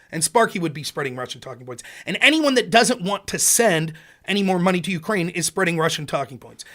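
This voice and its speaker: Heated high-voiced man ranting. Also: sharp tone. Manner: heated, sarcastic, asks the audience questions. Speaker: political streamer. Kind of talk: casual ranting commentary.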